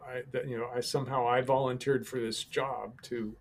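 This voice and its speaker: A man, a podcast guest, telling a personal story in a calm, halting way with many pauses and restarts. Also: medium pitch, slight background noise.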